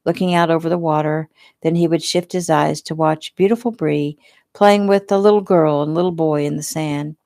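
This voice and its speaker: Woman reading her own book, laid back, low voice with some gravel. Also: dry recording, clean studio sound. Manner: relaxed, unhurried reading. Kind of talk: casual audiobook narration.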